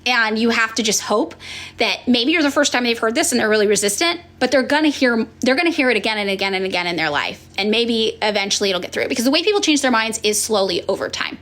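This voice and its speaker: Woman influencer, fairly high and very lively pitch, frank, profane, chatty viewer Q&A. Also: fast talker. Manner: frank and profane, acts out quoted people in sudden high voices; chatty with many fillers and sighs. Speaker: political influencer answering viewer questions. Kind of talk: casual chat.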